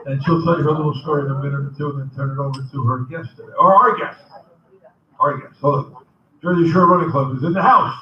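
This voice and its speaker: A man runs a convention session, upbeat and chatty, his voice a little high. He sounds distant and dull in a big echoing room. Loud background noise runs under his voice. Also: fairly even intonation, very fast. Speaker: master of ceremonies. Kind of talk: casual emceeing. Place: convention hall. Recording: echoey hall, from far off, dull, noisy.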